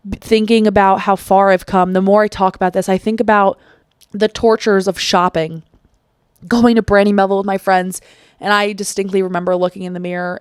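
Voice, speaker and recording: A young adult woman hosting a solo podcast, talking casually and confessionally, swearing freely and getting animated. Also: medium pitch, clear, resonant tone, dry recording, clean studio sound. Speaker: podcast host. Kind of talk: candid solo podcast monologue.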